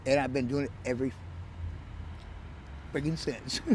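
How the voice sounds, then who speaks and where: A man's voice: medium pitch, fairly even intonation, normal speed, slight background noise, poor audio. A man in his forties with a West Texas Southern drawl, a rambling, joking storyteller in a casual outdoor street interview. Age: 40s. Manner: rambling, joking storyteller who laughs often.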